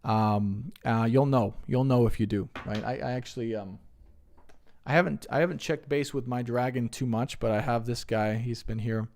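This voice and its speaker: A man's voice: medium pitch, moderate pace. Rambling earnest man on a live stream. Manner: earnest, rambling, animated when retelling stories. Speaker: spiritual reader answering live chat. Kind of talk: casual live stream chat.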